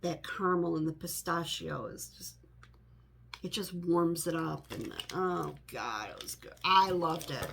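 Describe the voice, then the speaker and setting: Chatty woman with a low voice. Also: steady tone, measured pace, creaky, a bit bright, a little hiss or hum. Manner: chatty, rambling, full of "you know" asides. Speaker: home fragrance vlogger. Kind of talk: casual chat to camera. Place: home office.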